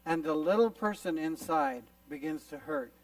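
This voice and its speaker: A man's voice: high-pitched, moderate pace, gravelly, no room sound, far from the mic, low-quality recording. A man preaching to a youth gathering at a camp, illustrating his points and acting out little scenes as he goes. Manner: animated storyteller who acts out little scenes. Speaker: youth conference speaker. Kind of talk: youth sermon with visual illustrations. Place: camp meeting hall.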